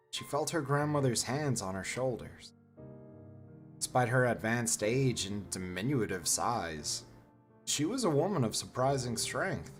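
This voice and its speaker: A man reading a novel aloud on a stream, expressive and slow. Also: mid-range voice. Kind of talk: dramatic reading with live reactions.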